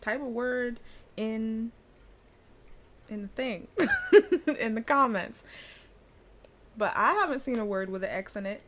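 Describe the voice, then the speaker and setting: A woman's voice: fairly high pitch, slow pace, long pauses, a bit bright, slight background noise. Chatty woman teaching pronunciation, laughing often. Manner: chatty, laughs often, explains with many fillers. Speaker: language teacher. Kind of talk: casual spoken lesson.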